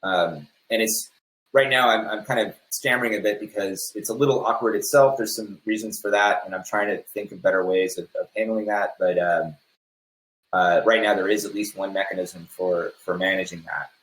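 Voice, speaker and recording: Man, low voice, halting tech-talk speaker, echoey room. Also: steady tone, fairly bright tone. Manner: halting, many fillers and restarts. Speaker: conference speaker. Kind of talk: technical talk, loosely spoken.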